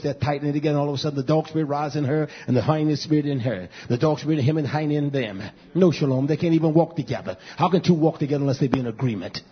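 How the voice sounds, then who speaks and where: Husky preacher guy going off, slightly high voice, yells then drops to mutters, muffled lo-fi sound. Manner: blunt, repetitive, swings between shouting and low muttering. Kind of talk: fiery sermon.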